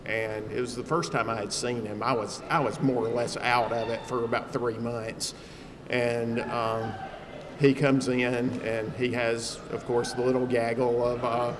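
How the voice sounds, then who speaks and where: Man telling a story in a hall. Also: mid-range voice. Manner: humorous storytelling, chatty with fillers. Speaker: trauma survivor speaking at an event. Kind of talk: personal speech to an audience. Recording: long hall reverb, faint background noise.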